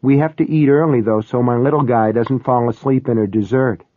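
A man's voice: medium pitch, brisk, no room sound, close to an everyday voice. A man voicing a nervous, frightened young mother who speaks hesitantly and apologetically. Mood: nervous, apologetic. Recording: tinny, phone-like, dry.

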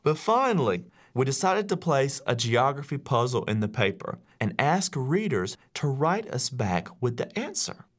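A man who teaches, telling a story to an audience in an animated way and acting out the voices of the people in it. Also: medium pitch, moderate pace, hardly any pauses. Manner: animated, acts out quoted voices. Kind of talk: storytelling speech.

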